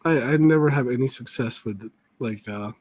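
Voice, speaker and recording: A man hosting a casual art podcast, chatty and quick to laugh, often trailing off mid-sentence. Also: medium pitch, darkish tone, husky, no room sound. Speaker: podcast host. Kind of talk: casual chat.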